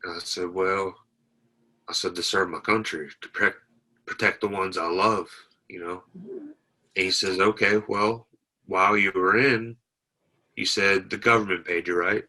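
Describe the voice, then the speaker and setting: A man's voice: deep voice, a little slow, long pauses, pushed and bright, rough recording. A man, a military veteran, telling his story in an interview, plainspoken and retelling conversations line by line. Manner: plainspoken, retells dialogue with many "I said". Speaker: veteran guest.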